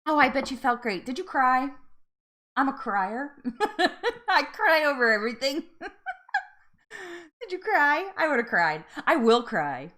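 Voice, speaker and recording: A woman's voice: high voice, big pitch swings, takes it slowly, long pauses, bright, forceful tone. A woman hosting a live-stream chat, bubbly and effusive, laughing often and getting emotional. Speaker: livestream host.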